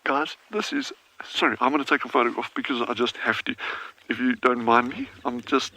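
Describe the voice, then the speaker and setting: A man's voice: medium pitch, animated, normal speed, sharp tone, a little hiss or hum, low-quality recording. A man working as a field guide, gushing with overjoyed commentary during a live safari broadcast outdoors. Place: outdoors on a game drive.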